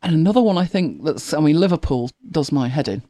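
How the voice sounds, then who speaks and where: A woman tells chatty stories and laughs her way through them. Her pitch swings widely up and down. The recording sounds dry and close. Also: very animated, fast talker, warm tone, no room sound. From northern England. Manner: chatty storytelling, lots of laughing asides. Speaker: co-host. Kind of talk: casual chat.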